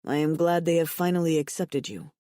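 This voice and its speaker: Narrator doing a mild-mannered alien barbarian man, low and even, warm, dry read. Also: a little fast, dry recording. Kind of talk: audiobook character voice.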